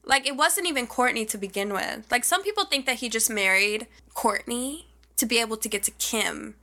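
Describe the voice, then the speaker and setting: A young woman co-hosting a podcast, gossiping casually, saying "like" constantly, with excitable gasps and squeals. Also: a little high, moderate pace. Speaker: podcast co-host.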